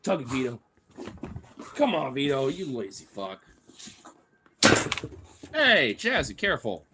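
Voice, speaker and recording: A man streaming live while playing with his pets, excitable, coaxing and teasing them and swearing a lot. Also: medium pitch, normal speed, very noisy. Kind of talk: casual live-stream chat.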